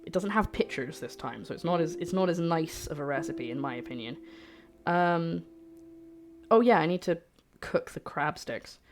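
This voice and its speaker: Her voice sits low, with lively intonation and a normal pace. She's a woman living in Scotland, talking chattily to her livestream chat as she cooks and making self-deprecating jokes.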